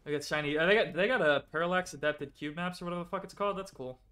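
Fast bright-voiced young male streamer. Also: a little high, clean tone. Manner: quick, excitable, laughing, swearing. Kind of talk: casual gaming livestream chat.

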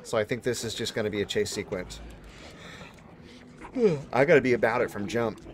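A man streaming a horror game, talking casually and tired, breaking into sudden loud yelps. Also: lowish voice, steady tone, normal speed, a little hiss or hum. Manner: reacts loudly with sudden yelps. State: tired, yawning. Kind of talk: casual let's-play commentary.

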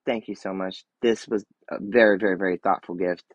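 Guy in his 30s live streaming off his phone, kinda low voice, all gushy and hyped, lots of um and like, sometimes goes quiet and whispery. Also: brisk, no room sound, muffled recording. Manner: gushing and excitable, lots of fillers and restarts. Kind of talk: casual live-stream gift unboxing.

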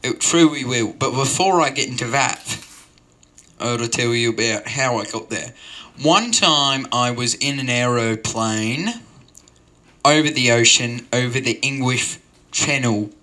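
A man rambles through an absurd stand-up story with a deadpan delivery. His voice sounds very bright and forward, at an ordinary male pitch. He keeps wandering off into digressions and then coming back to the story. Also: measured pace. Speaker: open-mic comedian.

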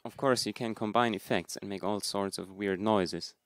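A man hosting a software tutorial, explaining calmly and plainly, recorded on a close desk mic. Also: lowish voice, moderate pace, hardly any pauses, dry recording. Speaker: tutorial host.

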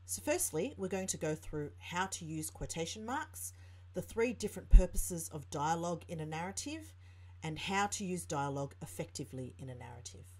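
A woman's voice: lowish voice, lively intonation, normal speed, darkish tone, slightly rough. A woman tutor with an Australian accent, explaining a writing lesson and reading example sentences aloud. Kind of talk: teaching lesson narration.

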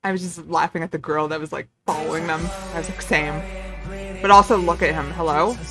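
A young woman hosting a reaction video, chatting casually with excited outbursts and swearing. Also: sits low, a little fast, over music.

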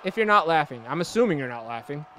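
A young man hosting a gaming video, giving excitable, jokey let's-play commentary and laughing often. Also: fairly high pitch, quick pace, faint music behind. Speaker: gaming channel host.

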